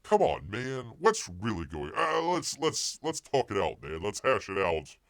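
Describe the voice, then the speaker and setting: A man's voice: lowish voice, wildly swooping pitch, measured pace, no echo, clean studio sound, heavily acted. A man mocking a male superhero actor as a dopey, rambling guy who keeps repeating himself. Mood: goofy. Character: goofy mocked male superhero actor, clueless and earnest.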